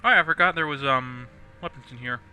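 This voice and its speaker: Chatty bright-voiced young gamer guy. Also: medium pitch, fast, faint music behind. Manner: rambling, chatty, laughs often. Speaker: let's play host. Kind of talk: casual gameplay commentary.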